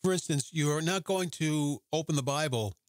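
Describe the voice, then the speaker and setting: A man's voice: a little high, moderate pace, no room sound. A man hosting his own religious podcast, talking earnestly and conversationally, posing rhetorical questions to listeners. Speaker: podcast host. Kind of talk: solo religious podcast talk.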